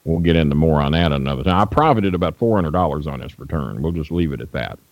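A man's voice: very deep voice, lively intonation, fast talker, no echo, muffled recording. A man from Louisville telling rambling, profane stories as a guest on an interview show. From Louisville, Kentucky. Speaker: guest, wrestling manager. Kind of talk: casual interview storytelling.

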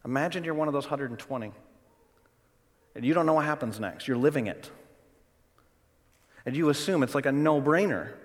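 A middle-aged male pastor preaching a sermon, telling the story dramatically and shifting between loud bursts and hushed, quiet passages. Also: on the high side, moderate pace, pauses often. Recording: long hall reverb.

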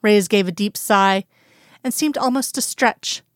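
A woman narrating a romance story aloud in a calm, even storytelling manner. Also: medium pitch, a little slow, dry recording, studio quality. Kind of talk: reading romantic fan fiction aloud.

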